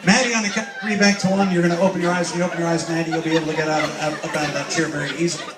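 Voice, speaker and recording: A man performing as a stage hypnotist. He gives slow, soothing trance commands and mixes them with upbeat banter with the audience. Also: on the high side, little pitch movement. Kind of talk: live stage hypnosis show. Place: cruise ship show lounge with live audience. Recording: echoey room from far off, loud crowd and noise.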